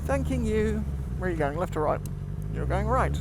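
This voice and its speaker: A man's voice: high voice, huge pitch swings, moderate pace. Chatty man on a motorbike. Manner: rambling, chatty, laughs easily. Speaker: motovlogger. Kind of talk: casual chat while riding. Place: outdoors on a motorbike in town traffic. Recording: loud road and traffic noise.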